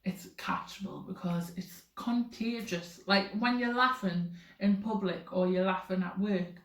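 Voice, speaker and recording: A woman's voice: medium pitch, steady tone, unhurried. Young woman rambling on her vlog, lots of "like"s, sounds a bit echoey. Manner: rambling, filler-heavy, chatty. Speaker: vlogger. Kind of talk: casual chat to camera. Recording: roomy echoey room.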